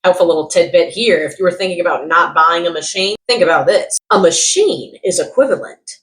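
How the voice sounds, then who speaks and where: A young woman vlogging comedic product reviews, sarcastic and animated, jumping from loud outbursts to muttered asides. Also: on the low side, brisk, rough recording. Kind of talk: casual comedic commentary.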